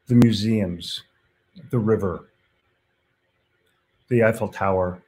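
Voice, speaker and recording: A man's voice: on the low side, expressive, drawn-out words, pauses often, darkish tone, a little hiss or hum. A man hosting a casual live stream, reading viewer comments aloud and reacting to them in a blunt, chatty way with casual swearing.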